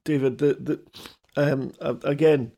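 A man in a casual rally chat, speaking haltingly with many restarts, then settling into considered opinions. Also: on the high side, fairly even intonation, vocal fry, warm tone.

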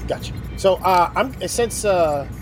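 A man's voice: high voice, animated, unhurried, music in the background. A man playing a tabletop game, asking direct questions with some stumbles. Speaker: player. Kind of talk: casual tabletop play.

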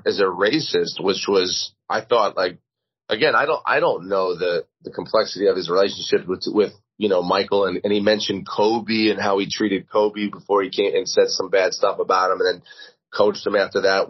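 Middle-aged man, husky voice, dull lo-fi call audio, rambling guest. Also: medium pitch. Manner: rambling, many restarts and fillers. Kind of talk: casual chat. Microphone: video call.

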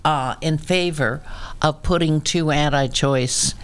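A woman's voice: low voice, slow pace, clear, resonant tone. An older woman guest in an interview who speaks bluntly and tells stories from years ago. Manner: blunt, anecdotal. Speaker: guest, activist. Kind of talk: interview conversation.

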